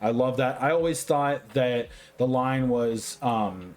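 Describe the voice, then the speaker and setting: A tipsy man giving a casual movie review, rambling, swearing constantly and getting excitable. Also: mid-range voice, slow. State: tipsy, drinking.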